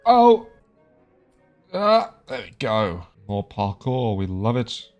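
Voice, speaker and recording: A man's voice: fairly low pitch, very animated, slow pace, muffled recording, soft background music. Jokey young man playing a video game. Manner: chatty, jokey, reads game dialogue aloud. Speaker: gaming video creator. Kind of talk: casual let's-play commentary.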